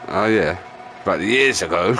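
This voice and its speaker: A man's voice: low voice, animated, normal speed, pushed and bright, soft background music. A young man swearing, laughing and ranting in casual live-stream commentary while racing. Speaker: gaming streamer.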